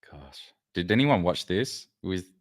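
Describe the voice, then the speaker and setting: A man's voice: deep voice, expressive, slow, no echo, clean studio sound. A man hosting a casual livestream, rambling loosely and swearing as he chats with his viewers. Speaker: livestream host.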